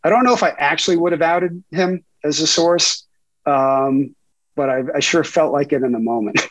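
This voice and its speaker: A middle-aged man, a sports reporter being interviewed, telling animated stories with frequent laughs and fillers. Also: fairly high pitch, normal speed, no echo, rough recording. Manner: animated storyteller, laughs often, many fillers. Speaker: investigative sports reporter, guest. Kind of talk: casual interview storytelling.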